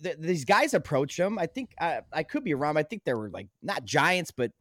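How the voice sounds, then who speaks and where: Lively high-voiced man, emphatic guest. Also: normal speed, dry recording, clean studio sound. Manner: animated storytelling, emphatic and insistent. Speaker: podcast guest, documentary filmmaker. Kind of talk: casual podcast conversation.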